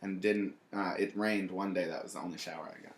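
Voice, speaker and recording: A young man with a low voice chats loosely on a podcast, rambling through his stories with lots of fillers. He slips into quick acted-out quotes along the way. The room around him is echoey. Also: fairly even intonation, slight background noise. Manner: rambling storyteller, many fillers, acts out quotes. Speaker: guest, restaurant owner. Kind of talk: casual podcast chat.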